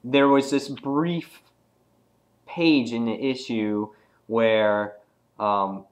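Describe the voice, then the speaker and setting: Casual man reviewing comics on camera. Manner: relaxed and rambling, many fillers, acts out quoted lines in a higher voice.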